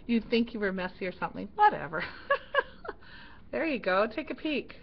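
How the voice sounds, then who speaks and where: A middle-aged Canadian woman with a medium-pitched, gravelly voice hosts a casual craft livestream, telling a story unhurriedly as she works. She's an animated storyteller who giggles and laughs often. The stream audio is dull and lo-fi with faint noise.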